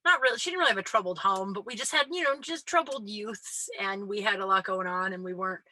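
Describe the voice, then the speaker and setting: A woman's voice: mid-range voice, fast talker, pushed and bright, no echo, poor audio. Chatty, rambling woman podcast host. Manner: chatty and rambling, lots of "like", acts out quoted voices. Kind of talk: casual storytelling monologue.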